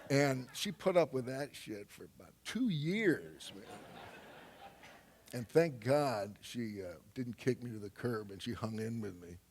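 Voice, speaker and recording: A man's voice: mid-range voice, lively intonation, unhurried, a little mellow, slight background noise. An older man telling a loose, rambling anecdote on stage to a live audience, full of fillers and laughs. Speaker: guest speaker.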